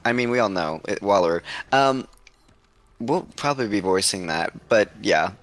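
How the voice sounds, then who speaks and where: Man, game dev chat, lively swooping voice, jokey, dry close sound. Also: on the low side, no echo. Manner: jokey, animated, quick to laugh. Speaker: game developer on a panel. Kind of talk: casual group video call chat.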